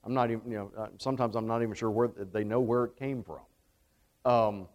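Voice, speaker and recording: A man's voice: on the low side, fairly even intonation, fast, a little mellow, lo-fi sound. Southern man teaching a Bible class. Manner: conversational, asks the class questions. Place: church classroom, also streamed online. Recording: long hall reverb.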